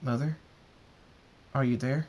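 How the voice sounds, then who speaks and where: A man's voice: mid-range voice, steady tone, slow pace, a little mellow. A man voicing an earnest young male pony king in a subdued, plain way, in an amateur storybook reading. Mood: determined.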